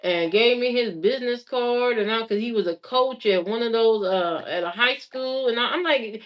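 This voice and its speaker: A woman with a somewhat high voice tells personal stories to her viewers. Her delivery is loose and chatty, full of everyday slang. She circles back and repeats phrases to hammer home the point. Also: normal speed, few pauses, muffled recording. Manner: lively storyteller who repeats phrases for emphasis. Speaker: streamer telling stories to viewers. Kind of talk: casual anecdote telling.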